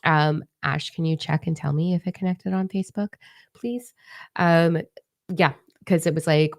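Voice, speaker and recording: A woman's voice: low-pitched, moderate pace, vocal fry, darkish tone, dry recording, studio quality. A woman hosting a casual livestream as a spiritual channeler, chatty and rambling with a slight lisp, still recovering her voice. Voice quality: slight lisp from new braces. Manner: chatty, rambling, with many fillers. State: recovering voice after lung trouble. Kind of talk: casual live-stream chat.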